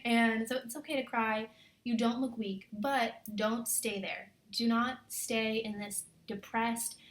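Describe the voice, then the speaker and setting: A young woman talks to her viewers in a casual, confessional way. She fills her sentences with fillers and speaks earnestly and encouragingly, at a middling pitch. Her voice rings in a roomy, echoey space. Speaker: military spouse vlogger.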